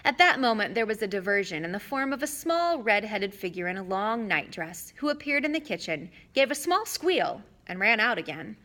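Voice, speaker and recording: A woman narrating a children's fantasy novel in an expressive reading voice. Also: mid-range voice, moderate pace, few pauses. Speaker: audiobook reader. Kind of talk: storybook narration.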